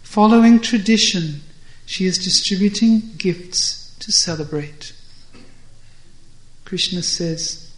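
Slow, deliberate devotional storyteller. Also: mid-range voice. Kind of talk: devotional story reading with commentary. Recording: roomy echo.

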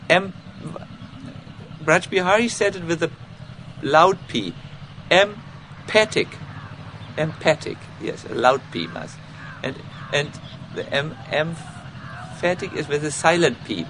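A man with giving an informal spiritual lecture, halting with many fillers and restarts, and self-mocking. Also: a little high, fairly bright tone, a little hiss or hum. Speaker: spiritual teacher giving a talk.

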